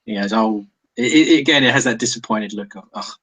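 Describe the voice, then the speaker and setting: A man's voice: medium pitch, fast, a bit bright, slightly rough, rough recording. A man narrating a tabletop role-playing game as game master, with many fillers and restarts. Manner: hesitant, many fillers and restarts, laughs often.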